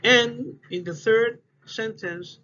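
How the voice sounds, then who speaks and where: A man giving a class presentation on word stress, in halting English that repeats words as he goes. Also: sits high, bright, forceful tone. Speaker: student presenter. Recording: dull lo-fi recording with faint noise.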